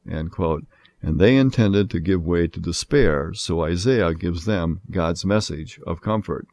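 A man with a low, gravelly voice gives a measured lecture on scripture. He steps carefully through each passage, marking every citation with "quote" and "end quote". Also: a little mellow. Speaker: Bible teacher.

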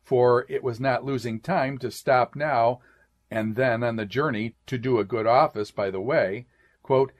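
Slow, deliberate man reading a sermon. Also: mid-range voice. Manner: measured, deliberate reading that speaks each "quote" and "end quote". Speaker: sermon reader. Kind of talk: reading an old sermon aloud.

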